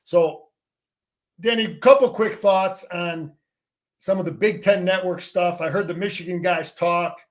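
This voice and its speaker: Emphatic high-voiced former coach talking football. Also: male voice, unhurried. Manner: emphatic, repeats words and restarts, salty. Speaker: former player and coach, guest. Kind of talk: casual sports talk.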